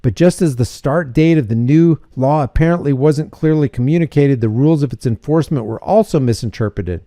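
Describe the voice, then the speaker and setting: A man hosting a casual commentary video, sarcastic and quick to laugh. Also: medium pitch, mellow, no room sound, clean studio sound. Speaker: host.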